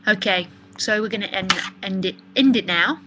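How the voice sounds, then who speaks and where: A woman's voice: mid-range voice, moderate pace, noisy background. A woman giving a live spiritual talk in a casual, chatty manner that circles back and repeats itself. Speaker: spiritual teacher.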